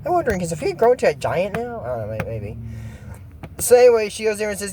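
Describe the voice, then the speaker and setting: A man's voice: high voice, quick pace, slight background noise. A man casually recapping a cartoon episode, rambling with many fillers and joking asides. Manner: rambling, filler-heavy, excitable, jokey asides. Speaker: YouTube cartoon commentator.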